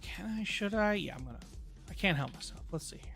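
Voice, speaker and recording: A male live streamer talking into his desk mic, his voice sitting a little high for a man. He rambles along in casual chat, throwing in jokey asides to his viewers, while faint music plays underneath. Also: animated, quick pace, gravelly, a bit bright.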